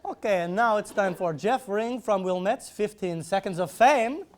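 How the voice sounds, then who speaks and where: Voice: medium pitch, expressive, moderate pace. A playful, goofy host running a live comedy game show on stage. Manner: goofy, playful, audience-rousing.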